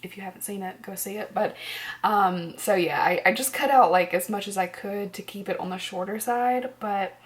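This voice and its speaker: A woman's voice: mid-range voice, moderate pace. A tired woman vlogging at home in casual chat, rambling, laughing often and dropping to near-whispers.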